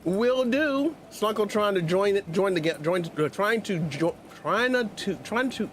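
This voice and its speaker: A man's voice: high voice, measured pace, few pauses, a little hiss or hum. A man hosting a gaming livestream, chatting casually, laughing often and munching into his mic. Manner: animated, laughs often, talks while munching. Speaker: streamer host. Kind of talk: casual livestream gameplay chat. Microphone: streaming mic.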